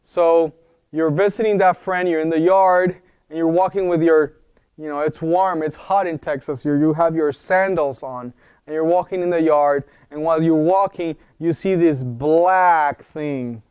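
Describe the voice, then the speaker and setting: A man's voice: fairly high pitch, fairly even intonation, normal speed, a little mellow, smooth, no room sound, studio quality. A man teaching a wellness class in an informal, explanatory way and often checking in with his audience. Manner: explanatory, asks the audience questions. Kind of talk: informal lecture. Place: wellness center talk.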